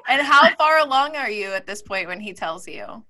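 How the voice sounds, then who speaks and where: Bright-voiced woman interviewer. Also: on the high side, sing-song, moderate pace. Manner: short reactions and follow-up questions. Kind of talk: casual interview.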